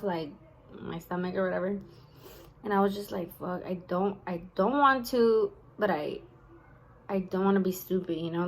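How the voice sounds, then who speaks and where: A woman's voice: mid-range voice, darkish tone, poor audio. A young woman telling a personal story in a casual vlog, tired-sounding and full of fillers and swearing. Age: young adult. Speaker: vlogger.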